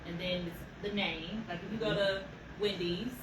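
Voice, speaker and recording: A woman's voice: medium pitch, fairly even intonation, moderate pace. A woman in a casual conversation, laying out her view step by step in a thoughtful way. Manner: thoughtful, builds points step by step. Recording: roomy, distant mic, audible noise.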